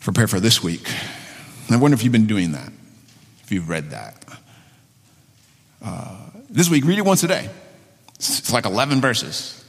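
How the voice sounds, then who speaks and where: A man's voice: fairly low pitch, very animated, moderate pace, vocal fry, long pauses, husky. Man preaching a sermon, earnest, keeps restarting his sentences, big echoey church sound. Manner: earnest, repeats phrases with many restarts. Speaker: pastor. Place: church sanctuary. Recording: long hall reverb.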